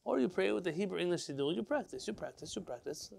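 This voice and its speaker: Middle-aged guy rabbi giving a class, gravelly voice, kinda high, keeps asking the room questions. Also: fast. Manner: lively, rhetorical, asks the class questions. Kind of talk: informal Torah lesson to a live class.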